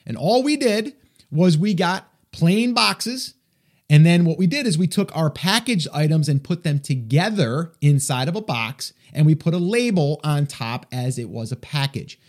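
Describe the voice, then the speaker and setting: An American man with an East Coast accent hosts an advice podcast in a casual, chatty manner. His voice sits high and swings widely in pitch. He pokes fun at himself as he talks. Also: measured pace. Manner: animated, chatty, self-deprecating. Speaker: podcast host.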